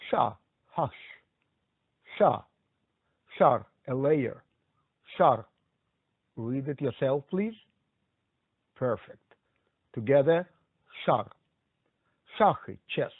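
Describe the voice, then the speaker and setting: A man's voice: on the high side, dry recording. A man teaching a language lesson, patiently repeating each word and prompting the listener to say it back. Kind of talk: slow, drilled pronunciation lesson. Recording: dry, phone-like thin sound.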